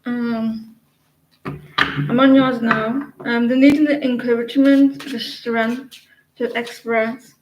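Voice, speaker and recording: A woman with an English accent giving tarot readings on a live stream, talking haltingly with many fillers and restarts. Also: fairly high pitch, fairly even intonation, reverberant, highs cut off, background noise. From England. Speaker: tarot reader.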